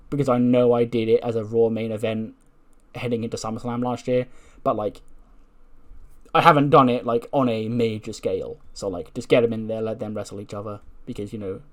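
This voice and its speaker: A man's voice: mid-range voice, fairly bright tone. A man giving casual game playthrough commentary, chatty and laughing often as he retells the action. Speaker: gaming video creator.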